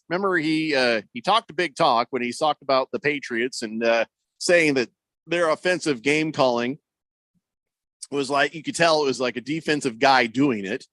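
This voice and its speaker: A man's voice: fairly high pitch, pushed and bright, no room sound. A man hosting a sports radio show, rambling and joking, acting out quotes in mock voices. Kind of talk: casual sports talk.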